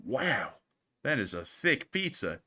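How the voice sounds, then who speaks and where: A young man hosting a casual livestream news show, jokey and high-pitched, talking in a playful, teasing way with quick asides. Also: sing-song, pushed and bright, slightly rough.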